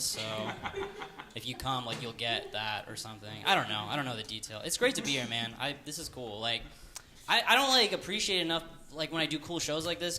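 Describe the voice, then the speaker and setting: A male stand-up comic at a live venue, rambling and self-deprecating, padding his bits with fillers. His voice sits at an average pitch. Clear room noise runs behind him throughout. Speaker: stand-up comedian. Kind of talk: stand-up comedy set.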